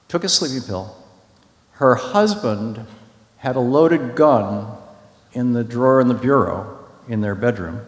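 A man telling a story to an audience in a conversational, emphatic way, with many restarts and fillers. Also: on the low side. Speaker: speaker at a public talk. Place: large hall. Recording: echoey hall.

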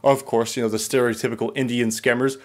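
A man's voice: medium pitch, level tone, fast, a little mellow. A young man giving casual, mocking commentary on dating profiles, laughing often as he reads them out. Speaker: YouTuber reviewing dating profiles.

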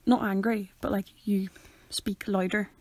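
This young Northern Irish woman co-hosts a podcast, trading quick, joking banter in casual chat. Her voice sits at medium pitch with a flat delivery.

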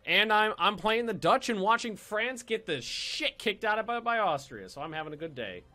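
A let's-play streamer comments casually while playing a strategy game on stream. His high-pitched voice has a sharp tone and big pitch swings at a moderate pace, and he's chatty and playful, swearing and repeating himself as he thinks.

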